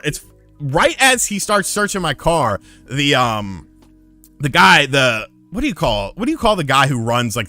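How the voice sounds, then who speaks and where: A man's voice: on the high side, no echo. A man casually telling a story on a stream, swearing a lot and acting out the dialogue. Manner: profane, animated, acts out dialogue.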